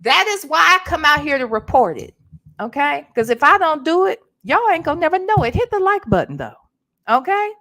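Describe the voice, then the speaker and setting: A woman vlogger doing animated gossip commentary, repeating herself and talking back to her live chat. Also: sits high, fairly quick.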